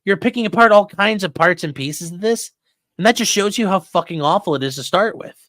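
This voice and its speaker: This lawyer and commentary host, a man with a high, expressive, slightly bright voice, talks a little fast on a dry, studio-quality recording. Hosting live legal commentary, he's blunt, exasperated, and swears a lot.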